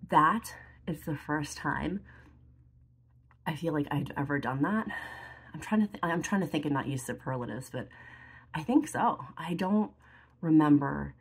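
This beauty vlogger's deep, expressive voice is a little slow and breathy, with frequent pauses as she talks to the camera while doing her makeup. Chatty and emotional, she sometimes turns tearful and leans on fillers such as "like."

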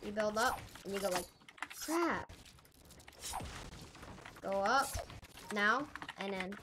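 A woman's voice: medium pitch, normal speed. A woman hosting a casual gameplay tutorial, thinking aloud, rambling and correcting herself as she goes. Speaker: gaming channel host. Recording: noisy with keyboard clicks.

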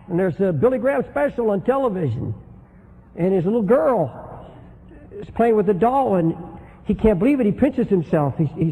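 Fiery, husky-voiced preacher in echoing hall. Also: male voice, very high-pitched. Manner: dramatic storytelling, swings from hushed to shouting. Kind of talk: fiery sermon. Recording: long hall reverb.

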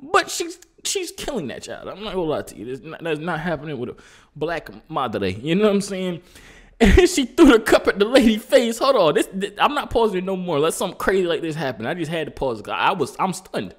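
A young man hosting a reaction video in casual, slangy talk, breaking into loud exclamations. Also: high voice, very animated, fairly quick.

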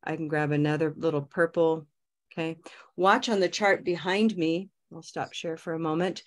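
A woman teaching English pronunciation on a video call, modeling words slowly and repeating them. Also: sits low, fairly even intonation. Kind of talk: online pronunciation lesson.

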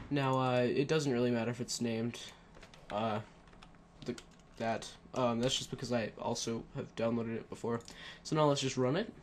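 A man's voice: mid-range voice, slight background noise. Rambling man narrating a screen tutorial. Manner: rambling, many fillers and self-corrections. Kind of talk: casual screen-recorded tutorial. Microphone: headset.

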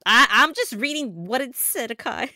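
Bright, chatty young woman streamer. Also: a little high, sing-song, normal speed, no echo, studio quality, soft background music. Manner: chatty, giggly, self-correcting. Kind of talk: casual gameplay commentary.

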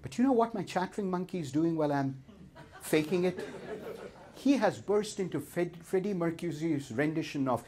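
A man's voice: on the high side, lively intonation, normal speed, mellow. Playful Indian man leading a seminar. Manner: playful, self-mocking, addresses the crowd directly. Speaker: seminar leader. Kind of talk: live seminar talk to an audience. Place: seminar room with a live audience.

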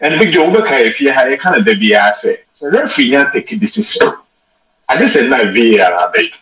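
Ghanaian guy breaking down a football match, bright forceful voice, kinda far from the mic in an echoey room. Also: medium pitch, brisk. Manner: animated, mixes Twi and English mid-sentence. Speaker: football pundit. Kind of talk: studio sports discussion. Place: radio studio. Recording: roomy and off-mic radio studio sound.

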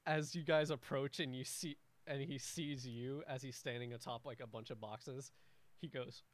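A young man who is the game master, narrating a homebrew tabletop game in a casual, halting way full of restarts. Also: medium pitch, steady tone.

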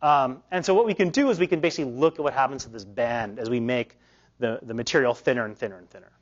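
Male lecturer, hoarse, halting research talk, many restarts, dull lo-fi recording. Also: mid-range voice. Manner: loose, halting delivery with many fillers and restarts. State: losing his voice. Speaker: physics lecturer. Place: lecture hall.

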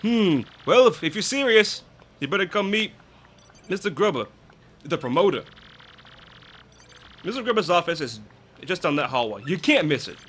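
A man's voice: high voice, sing-song, normal speed, long pauses, fairly bright tone, breathy edge, full character voice. A man voicing a casual, matter-of-fact male arena gatekeeper in a video game. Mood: offhand. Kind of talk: let's play character reading.

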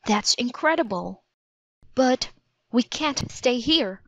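A woman's voice: on the high side, lively intonation, slow pace, voice pushed up, heavily acted. A woman voicing a cautious, worried young boy in a storybook reading, protesting anxiously. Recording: dry, slightly dull audiobook recording.

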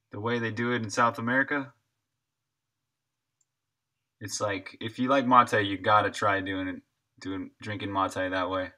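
In a lowish, sharp-toned voice, a young indie game developer chats with his live-stream viewers as he works. He's chatty and fields questions from chat along the way.

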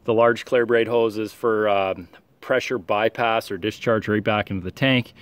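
A man getting over a cold, with a nasal voice, giving a casual outdoor how-to walkthrough of his sprayer and lawn, halting with many fillers. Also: on the low side, fairly even intonation, no echo. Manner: halting, many "uh" fillers, practical and matter-of-fact. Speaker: turf care professional vlogger. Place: outdoors in a yard and at the pump.

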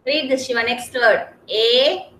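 A woman with an Indian English accent teaching a kindergarten class online, speaking slowly and patiently and spelling words out letter by letter. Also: fairly high pitch, fairly bright tone, roomy sound, poor audio. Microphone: video call.

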